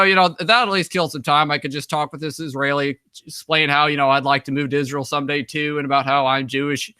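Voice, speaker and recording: In a mid-range, sharp, clean voice, a young American man with an American accent rambles through a long story as an interview guest. Fillers abound and he acts out quoted dialogue in casual storytelling, captured at studio quality without echo.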